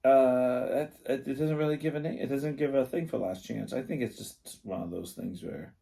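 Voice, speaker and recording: A man's voice: mid-range voice, a little slow, gravelly, dark tone. A man co-hosting a casual comedy podcast, joking and laughing as he reads out strange place names. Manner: jokey, laughs often, reads place names with crude puns. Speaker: podcast co-host.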